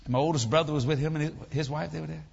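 A man, preaching as a lively, laughing storyteller in a church. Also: fairly high pitch, rapid-fire, gravelly, slightly rough. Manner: animated, laughing, folksy storyteller. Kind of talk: humorous storytelling sermon. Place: church sanctuary. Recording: echoey church hall, slightly dull.

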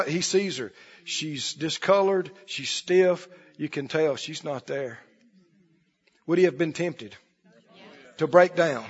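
Lively, high-voiced preacher in a hall. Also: male voice, takes it slowly, husky. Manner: animated, swinging between soft asides and loud exclamations. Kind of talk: sermon. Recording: reverberant hall, dull lo-fi sound.

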